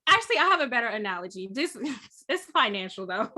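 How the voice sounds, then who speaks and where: A woman's voice: on the high side, big pitch swings, normal speed, bright, forceful tone. A woman speaking as a guest on a podcast, chatting casually about dating and laughing often.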